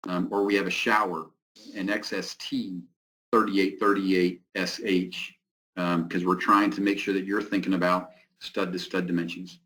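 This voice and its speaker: Halting low-voiced man presenting. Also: flat delivery, bright, forceful tone, poor audio. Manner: halting, many fillers. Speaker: product representative presenting. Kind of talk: technical presentation with Q&A.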